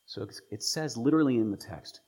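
Man, pastor, sermon, husky voice, very lively pitch, dramatic storytelling, occasional whispers. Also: a little fast. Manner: animated storytelling, voicing quoted figures, dropping to whispers.

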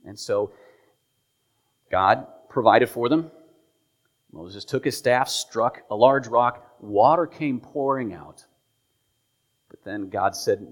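A man preaching a sermon as a pastor, retelling stories with lively emphasis, voicing the people in them and dropping at times to a whisper. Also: mid-range voice, takes it slowly, pauses often. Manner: animated storytelling, voicing quoted figures, dropping to whispers.

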